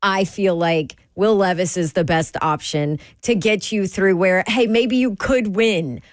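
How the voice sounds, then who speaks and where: A woman co-hosting a sports radio show, chatty and animated in quick back-and-forth. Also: medium pitch, no echo, clean studio sound. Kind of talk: casual sports talk.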